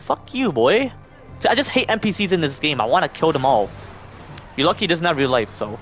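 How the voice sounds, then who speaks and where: A man's voice: on the high side, very animated, quick pace, a bit bright, soft background music. A man live-streaming a video game, talking to himself and swearing in frustration. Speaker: gaming streamer. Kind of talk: casual live-stream commentary.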